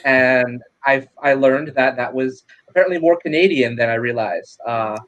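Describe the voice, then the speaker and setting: A man from upstate New York chatting casually as an actor guest, telling animated stories. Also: mid-range voice, moderate pace. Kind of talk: casual chat.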